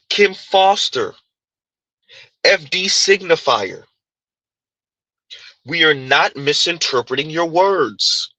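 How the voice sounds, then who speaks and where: A man hosting his own commentary channel, talking in an animated, emphatic way and repeating his points as he reacts to a clip. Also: on the high side, slightly rough, dry recording, poor audio.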